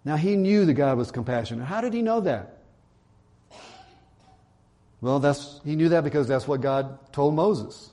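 Animated man preaching a sermon. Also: fairly high pitch, measured pace, long pauses. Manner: animated, acts out quoted lines with raised voice.

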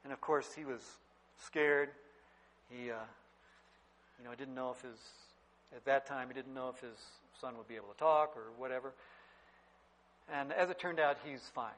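A middle-aged man preaching a sermon, telling stories and swinging from loud to quiet. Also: mid-range voice, normal speed, long pauses, poor audio. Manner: storytelling preacher, wide swings in loudness. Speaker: pastor.

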